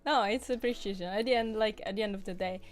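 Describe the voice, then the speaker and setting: A woman's voice: medium pitch, fast. A woman with an Italian accent, co-hosting a casual online chat show and laughing often as she talks. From Italy. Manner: chatty, laughs often, many restarts. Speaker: podcast co-host.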